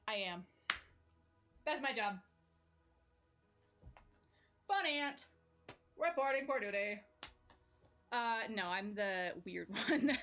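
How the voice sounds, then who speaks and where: A woman's voice: fairly high pitch, fairly bright tone. Chatty young woman streaming while juggling. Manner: chatty, reads chat aloud, bursts into yelps while juggling. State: warm and sweaty from juggling. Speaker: live streamer. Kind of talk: casual live-stream chat. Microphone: corded streaming mic.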